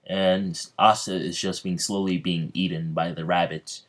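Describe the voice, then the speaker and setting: A man casually narrating a fan-fiction story as a video creator, halting with fillers and restarts. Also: sits low, level tone.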